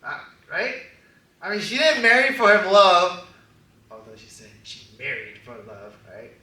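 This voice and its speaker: Pastor, man, high and bright voice, casual sermon full of jokes and laughs, recorded from a distance in an echoey hall. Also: unhurried. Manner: animated, laughing, joking asides. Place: church hall.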